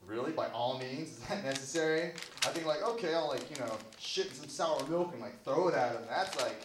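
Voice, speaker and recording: At an open mic, a man with a slightly high voice and a slightly fast delivery runs through a rambling, self-deprecating stand-up set full of swearing. Audience laughter comes through, captured from a distance in an echoey room with faint noise.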